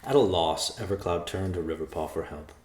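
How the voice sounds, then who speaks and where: A man narrating a storybook chapter with a steady, expressive reading. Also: low-pitched, brisk, roomy sound. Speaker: audiobook narrator.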